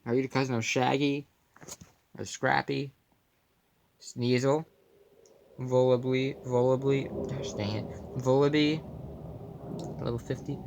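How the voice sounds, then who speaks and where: A man's voice: mid-range voice, level tone, normal speed, vocal fry, pauses often, dull audio, slight background noise. A young man casually commenting on his card collection, slipping goofy puns and mumbled asides in between.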